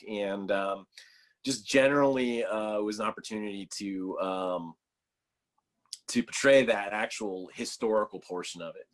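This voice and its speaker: Low-voiced man, casual podcast guest. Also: fairly bright tone. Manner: sarcastic sense of humor; loose storytelling full of fillers.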